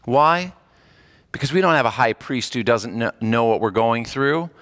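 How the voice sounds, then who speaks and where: A man preaching a sermon, telling a story in an animated, earnest way and repeating phrases for emphasis. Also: mid-range voice, moderate pace.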